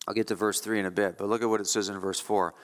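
A man's voice: on the low side, flat delivery, quick pace, big-room sound. A male pastor preaching a sermon with emphatic delivery, repeating key phrases to drive points home.

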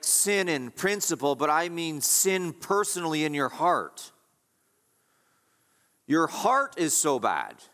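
A pastor with a slightly bright, somewhat high voice preaches a sermon, asking rhetorical questions and emphatically repeating his points. The recording has long hall reverb.

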